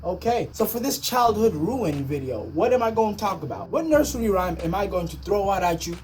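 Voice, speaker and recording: Animated, jokey woman vlogger. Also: medium pitch, fairly quick, a little hiss or hum. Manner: animated, jokey, mock-outraged. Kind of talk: comedic storytelling vlog.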